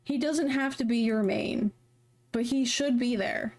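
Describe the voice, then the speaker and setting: A woman's voice: on the high side, measured pace, a little mellow. A woman streamer in casual live-stream chat, rambling with lots of fillers and restarts, heated and passionate.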